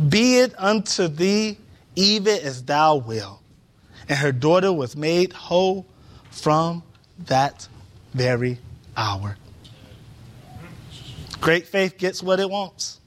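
A man preaching in a church with a high, light voice. He takes his time, acting out the voices in his stories and climbing to emphatic peaks. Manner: animated storytelling, acts out voices, rising to emphatic peaks. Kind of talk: sermon.

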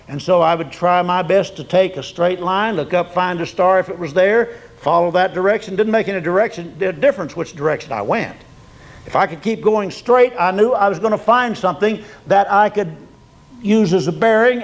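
Older man, high voice, preacher, folksy sermon, loud peaks and quiet drops. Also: gravelly, rough recording. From Oklahoma.

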